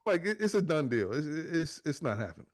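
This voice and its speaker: Animated, swearing male podcast host. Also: on the high side, brisk, no room sound, studio quality. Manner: animated, profane, acts out the voices in his story. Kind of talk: casual storytelling chat.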